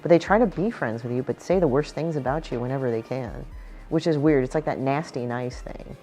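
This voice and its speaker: A woman's voice: extremely low pitch, fairly quick, mellow, soft background music. A woman comic artist chatting casually about her book, blunt and profane, often acting out quotes from people in her stories. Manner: acts out quotes in other voices.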